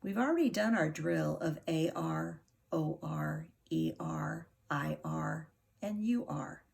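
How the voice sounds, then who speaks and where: A middle-aged woman teaching a phonics lesson to young children, sounding out words slowly and patiently. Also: sits low, vocal fry, a little mellow. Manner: slow, patient, over-articulated sounding out.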